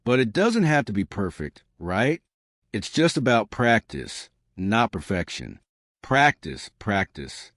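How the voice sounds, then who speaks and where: A man's voice: on the low side, dry recording, studio quality. A man teaching learners, encouraging and often checking in with "right?". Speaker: English teacher.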